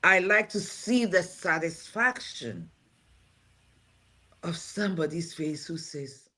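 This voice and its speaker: A woman's voice: fairly low pitch, animated, slow, bright, forceful tone. A woman who runs a home care agency and is also a pastor, talking on a livestream show in an earnest, heartfelt way and repeating her key phrases for emphasis. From from outside America. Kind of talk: livestream talk show chat.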